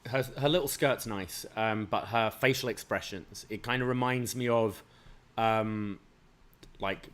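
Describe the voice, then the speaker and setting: A man co-hosts a laid-back wrestling recap chat. He swears freely, and when he plays out a scene his voice jumps loud and high. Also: measured pace, clean tone. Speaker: podcast co-host.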